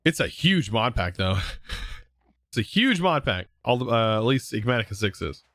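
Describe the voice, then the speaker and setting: Relaxed, rambling male streamer. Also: mid-range voice, a little fast. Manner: relaxed, rambling, with frequent fillers and restarts. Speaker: live streamer. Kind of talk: casual chat reading viewer comments.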